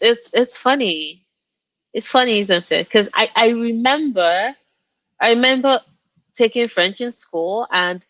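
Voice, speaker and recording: A woman's voice: mid-range voice, a bit bright, no room sound. Chatty young woman, Yoruba her first language. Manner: chatty and laughing, reacts to viewer comments. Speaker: book streamer hosting a reading check-in. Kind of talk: casual live-stream chat.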